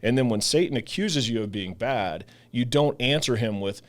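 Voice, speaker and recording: A man's voice: medium pitch, normal speed. Earnest man in a casual faith talk. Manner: earnest, animated, acts out quoted voices. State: emotional, voice catching. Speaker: ministry leader and podcast co-host.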